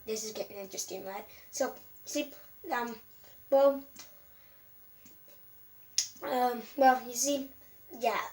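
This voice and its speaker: In her casual storytime vlog, she wanders off track, starts sentences over, and leans on plenty of fillers. Her pitch is fairly high with a slightly mellow quality, and she sounds distant, with a faint hum behind her.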